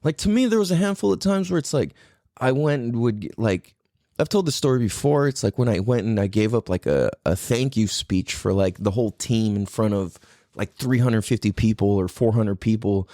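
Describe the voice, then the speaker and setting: A man's voice: on the low side, expressive, moderate pace, mellow, no room sound, studio quality. A man from California with kids, hosting his own podcast and rambling through a casual solo talk full of swearing and fillers. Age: adult parent. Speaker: podcast host.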